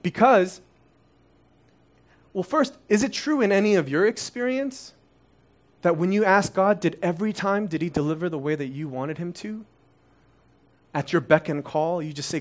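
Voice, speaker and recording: A man's voice: high-pitched, normal speed, long pauses. A man in his thirties, originally from Korea, preaching a conversational sermon full of rhetorical questions. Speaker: pastor.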